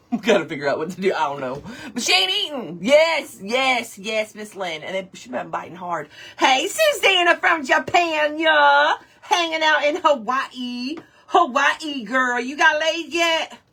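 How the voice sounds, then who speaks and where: A woman, chatting away as she paints on a craft livestream. Her voice sits high and bright with a breathy edge. She greets viewers by name and laughs easily. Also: animated, unhurried. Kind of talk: casual chat while painting on a livestream.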